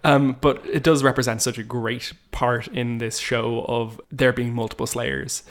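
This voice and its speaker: A man's voice: mid-range voice, level tone, measured pace. A man with an ordinary mid-range voice co-hosts a chatty podcast. He is wry and blunt, dropping casual curses into his remarks. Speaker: podcast co-host. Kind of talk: casual chat.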